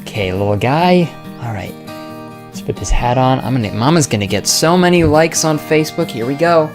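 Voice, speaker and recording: A man doing a snippy young mom, mocking her kid, bursts into sudden yells. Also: medium pitch, expressive, brisk, over music, close to an everyday voice. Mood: scolding. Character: impatient attention-seeking young mother.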